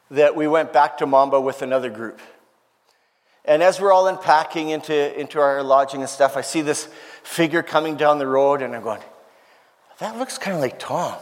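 Male preacher, emotional storyteller, voice a little high, long church reverb. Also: normal speed. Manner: earnest, emotional, quotes others in lively voices. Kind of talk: sermon storytelling.

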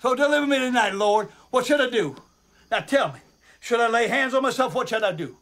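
A desperate preacher crying out to God, his voice pushed very high as he begs and hollers. He sounds raw and wrung out, shifting between pleading and shouting in a film drama scene. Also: animated, brisk, exaggerated voice. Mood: anguished. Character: anguished male preacher shouting at God at night.

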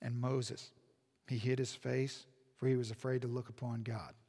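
A male pastor preaching a sermon in a church sanctuary, telling stories that fall to a hush and then build up loud. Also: medium pitch, flat delivery, normal speed, husky. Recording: long reverb in a church hall.

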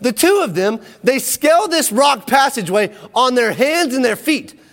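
A man's voice: very high voice, normal speed, big-room sound. A man preaching a sermon, retelling a Bible story with energy, acting out the quotes and checking in with his listeners. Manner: energetic storytelling, acts out quotes, asks the audience.

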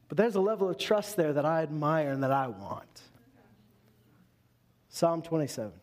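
A male pastor delivering a conversational sermon to a congregation, animated and full of quick asides. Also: a little high.

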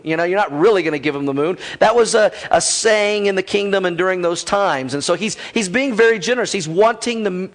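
High-voiced male pastor preaching casually. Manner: conversational, joking, teacherly. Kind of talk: sermon.

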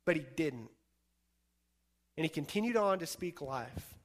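A man's voice: fairly high pitch, expressive, measured pace. A young man preaching an informal sermon to a youth group as their pastor, telling stories in a chatty way full of fillers and acted-out quotes. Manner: chatty storytelling, many fillers, acts out quotes.

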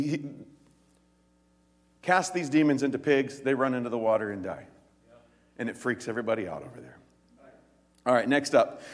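Preaching in a large hall, a pastor speaks in a high voice. He brings his stories to life, voicing the quoted lines quickly as if playing each part.

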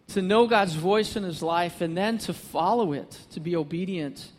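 A man's voice: high voice, big-room sound, slight background noise. A man preaching a sermon as pastor, earnest and building to emphatic repetition, speaking to a congregation.

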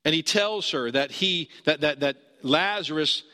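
A man preaching a sermon as pastor, earnest, rising high when he urges and dropping low and slow for emphasis. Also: sharp tone, long reverb tail.

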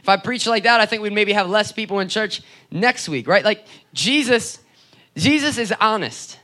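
A man's voice: high voice, animated, normal speed, pushed and bright. A young man preaching a sermon in a conversational, storytelling way, with frequent asides and rhetorical questions. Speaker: pastor.

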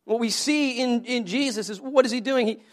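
A man's voice: very high-pitched, fairly quick. A male pastor giving a conversational sermon, asking the congregation questions and often repeating his words.

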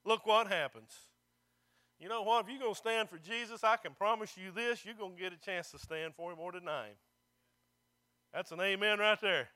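Male pastor, emphatic sermon delivery with amen calls, very high and bright, crisp tone. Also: normal speed. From not local to the congregation. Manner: emphatic preaching, calls for amens.

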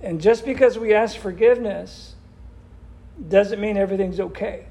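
A man's voice: sits high, normal speed, creaky, warm tone. A man leading a church Bible study, asking the group questions and repeating their answers back. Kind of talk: interactive Bible study teaching.

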